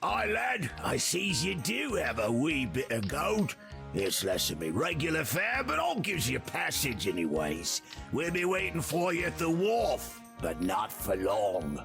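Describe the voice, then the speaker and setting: An actor playing a greedy, drunken pirate ship captain in a game, with a rowdy piratey drawl. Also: male voice, a little high, wildly swooping pitch, a little slow, vocal fry, music in the background, exaggerated voice. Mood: gruff.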